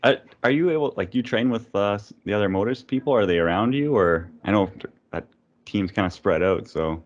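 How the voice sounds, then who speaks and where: Deep-voiced guy cohost, easygoing rambly question, muffled lo-fi sound. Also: brisk. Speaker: podcast co-host. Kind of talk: casual podcast chat.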